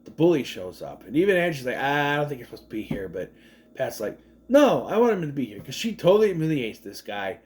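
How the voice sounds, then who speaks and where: A man's voice: mid-range voice, sing-song, quick pace, darkish tone. A man in his thirties, a father, casually recapping a movie in a chatty, rambling way, acting out the characters' lines. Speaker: movie reviewer.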